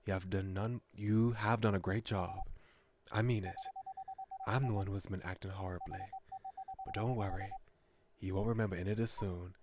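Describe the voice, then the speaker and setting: Man voicing a smug dog god, low and lordly. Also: steady tone, normal speed, pauses often, background noise, close to an everyday voice. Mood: soothing. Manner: lordly, dismissive, bossy. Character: smug male dog god, haughty and condescending. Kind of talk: voicing visual novel dialogue.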